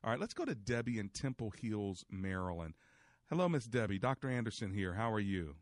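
A man's voice: lowish voice, animated, fairly quick, no room sound, clean studio sound. A man hosting a faith-based call-in radio show, talking in an emphatic, preachy way and quoting scripture.

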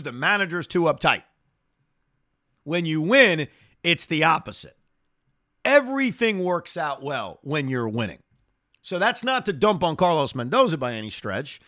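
A man's voice: a little high, fairly bright tone, no echo, clean studio sound. A man hosting sports talk radio, reading listener email and answering in an emphatic way that repeats phrases for effect.

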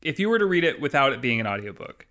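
A man's voice: mid-range voice, sing-song, fast talker, fairly bright tone. A man co-hosting a podcast in casual chat, rambling and joking with many fillers. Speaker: podcast co-host.

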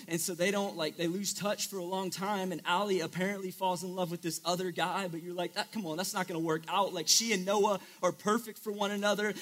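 A man's voice: sits high, fairly bright tone. A young man preaching a casual sermon to a live audience, chatty and joking with lots of filler words.

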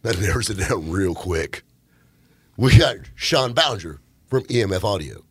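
Man, radio host, lower voice, husky, bouncy and animated delivery, joking banter, dry studio sound. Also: moderate pace, dry recording. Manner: joking, boisterous, lively banter. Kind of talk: casual studio radio chat.

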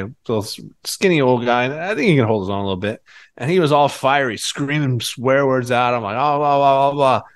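A man in casual chat, telling a story with animation, laughing as he goes and acting out the voices of the people in it. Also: mid-range voice. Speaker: podcast co-host.

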